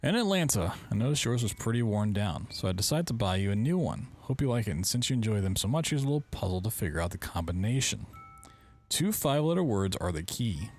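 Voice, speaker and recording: A man's voice: on the low side, a little mellow. A man hosting a game playthrough, reading in-game letters aloud and breaking off with wry, joking asides. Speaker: gaming video host.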